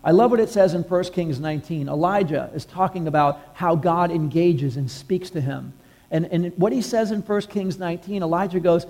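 A man preaching a sermon to his congregation in a conversational style, sometimes dropping to a hush. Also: sits high, brisk. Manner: conversational preaching, drops to a hush at quiet points. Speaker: pastor.

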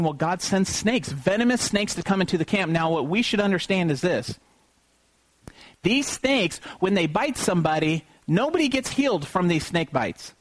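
A man preaching an Easter sermon, often asking the congregation questions and pausing for them to call back the answer. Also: high voice. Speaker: pastor.

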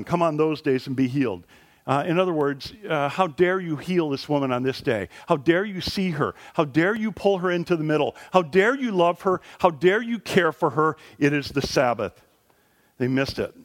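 A man preaching a sermon as a pastor in a church, animated and conversational, rising in pitch and volume at his high points. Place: church sanctuary.

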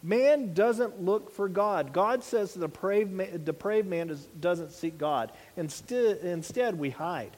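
Earnest high-voiced preacher man. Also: a little slow, a little mellow, big-room sound. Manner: earnest, conversational preaching with rhetorical questions. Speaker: pastor. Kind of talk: sermon.

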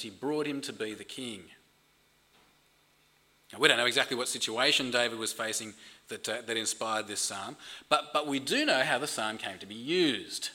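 A man's voice: medium pitch, pushed and bright. A man preaching a sermon in an earnest way, often repeating words as he builds emphasis. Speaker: pastor.

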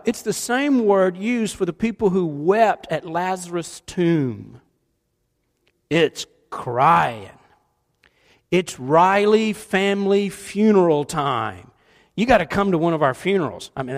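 A middle-aged man preaching a sermon, animated in his storytelling and shifting between loud and hushed delivery. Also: on the high side, slow. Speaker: pastor. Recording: long hall reverb.

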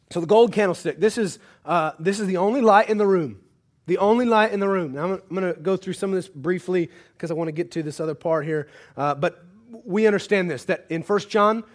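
A man preaching a sermon, asking the congregation questions and joking with them, moving between hushed earnest passages and loud urgent exhortation. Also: high voice. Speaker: pastor.

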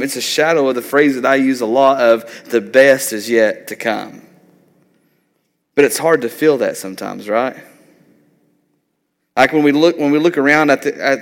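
A man's voice: medium pitch, long reverb tail. A man in his thirties preaching a sermon in a loose, conversational way, often tagging on "like" and "right?". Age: 30s. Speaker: pastor.

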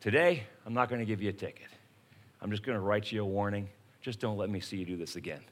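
A man's voice: high voice, lively intonation, quick pace. A man doing a stern traffic cop. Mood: relenting. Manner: lecturing, then softening. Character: stern male traffic police officer.

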